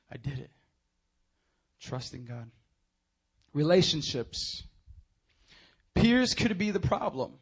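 A young man preaching a sermon, moving from hushed, earnest appeals to loud, animated storytelling. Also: mid-range voice, drawn-out words, gravelly, pauses often, husky.

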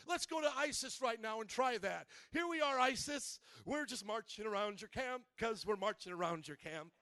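A man preaching a sermon as pastor, acting out Bible scenes, swinging from shouting to quiet, reflective storytelling. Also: very high voice, dry recording. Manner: animated, acts out scenes with shouted voices.

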